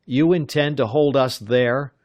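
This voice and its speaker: A man's voice: mid-range voice, unhurried, darkish tone, voice pushed up, close to an everyday voice. A man voicing a young inventor hero in an audiobook, speaking firmly and in clipped phrases. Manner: clipped, firm. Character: young male inventor, cool-headed hero.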